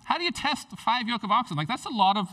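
A pastor preaching a sermon in a church, animated and jokey, acting out characters as he goes. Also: very high-pitched, fast, far from the mic.

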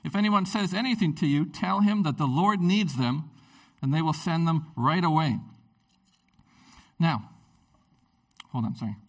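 A man preaching a casual, jokey sermon as a pastor, his voice jumping up to high excited peaks and dropping back to chatty asides. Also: unhurried, long pauses. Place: church.

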